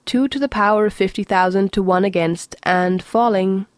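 A woman reading aloud, voicing a spaceship's calm, pleasant female voice making level, sensible announcements. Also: medium pitch, normal speed, no echo, clean studio sound, close to an everyday voice.

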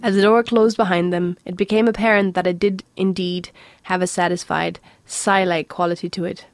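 A woman narrating a science fiction story in a steady, even reading voice. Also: on the low side, moderate pace, no room sound. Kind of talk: audiobook reading.

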